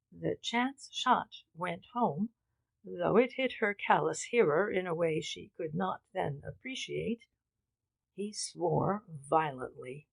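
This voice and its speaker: A woman narrating a mystery audiobook in a measured, dramatic reading. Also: lowish voice, vocal fry, husky, no echo, poor audio. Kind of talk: scripted narration.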